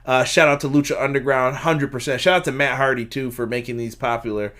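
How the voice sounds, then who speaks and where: Animated man recapping wrestling. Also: medium pitch, fast talker. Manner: animated recapper who acts out quotes and laughs at chat. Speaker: wrestling review podcast host. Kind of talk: casual live-stream chat.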